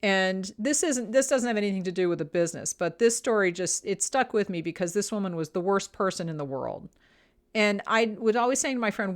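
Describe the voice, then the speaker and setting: A woman's voice: medium pitch, expressive, fairly quick. A woman hosting a small business show, giving frank, conversational advice and telling stories in a casual way. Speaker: small business podcast host. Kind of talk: casual advice talk with storytelling.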